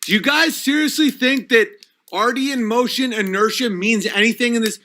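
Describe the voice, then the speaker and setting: Man, livestream host, high voice, bright edge, agitated, profane, slightly tipsy. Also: moderate pace, a little hiss or hum. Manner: agitated, profane, reading chat comments aloud. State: has been drinking. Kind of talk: ranting livestream chat.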